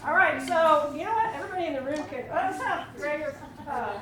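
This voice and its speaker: A woman teaching a live percussion clinic to students, energetic and coaxing, often asking the room questions. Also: high-pitched, a little fast, crowd noise. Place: school band room with students. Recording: echoey room from far off, with drumming.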